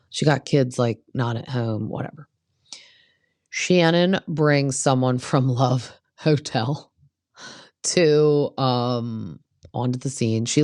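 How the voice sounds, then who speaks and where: A woman's voice: rumbling low, a little mellow, dry recording, clean studio sound. A woman hosting a casual gossip recap of reality TV, blunt and opinionated, who swears freely.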